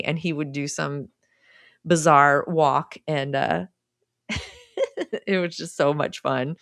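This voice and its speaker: A woman in her forties, a seasoned improv performer, chats casually and tells her stories with animated energy. Her voice sits a bit low for a woman, and the sound is dry and close with no room echo. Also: measured pace. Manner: animated, laughing storyteller. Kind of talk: casual conversation.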